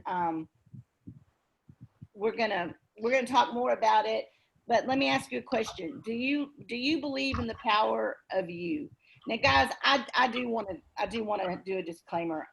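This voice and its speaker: A woman's voice: fairly high pitch, moderate pace, vocal fry, a bit bright, slightly rough. A woman with a Texan accent, leading a group video call in a folksy, chatty way.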